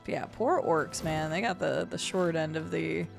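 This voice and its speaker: A woman's voice: deep voice, moderate pace, vocal fry. A woman streamer giving casual, playful commentary while she plays a video game, chatting to viewers and humming sing-song filler noises. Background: game music.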